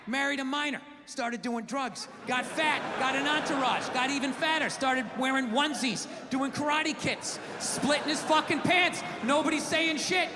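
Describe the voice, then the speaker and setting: Ranting stand-up comic in a hall. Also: male voice, very high-pitched, measured pace, background noise. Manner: loud ranting delivery, crowd asides. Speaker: stand-up comedian. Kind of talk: stand-up comedy set. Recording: live venue, crowd and reverb.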